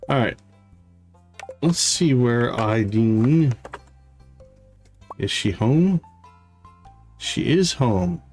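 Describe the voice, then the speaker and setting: A man hosting a livestream, chatting casually with fillers and quick asides as he plays. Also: mid-range voice, animated, a little mellow. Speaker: livestream host. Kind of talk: casual game commentary. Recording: faint game music behind.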